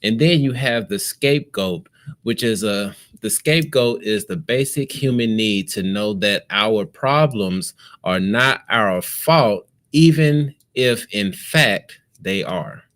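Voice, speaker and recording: Guy on a couple's talk show, reads stuff out real slow, lowish voice. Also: lively intonation, a bit bright. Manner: measured, reads passages aloud and comments. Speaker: podcast co-host. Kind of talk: casual chat, reading aloud.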